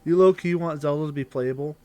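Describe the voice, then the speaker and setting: Young male streamer, slightly high voice, dry close sound, reads chat while playing. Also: brisk, warm tone, dry recording. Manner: thinks aloud while playing and reading chat. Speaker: game streamer. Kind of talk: live gameplay commentary.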